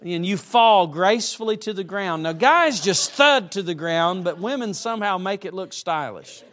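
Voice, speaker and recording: High-voiced preacher delivering a lively sermon. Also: male voice, moderate pace. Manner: emphatic, with humorous asides. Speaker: traveling preacher. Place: church sanctuary.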